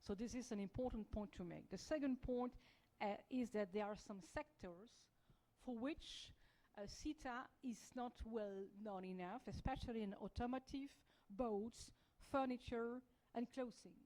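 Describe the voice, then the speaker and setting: A woman's voice: a little high, normal speed, dark tone, poor audio. A woman with a French accent speaking as an EU diplomat on a panel, hesitant, with many fillers and restarts. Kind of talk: panel discussion.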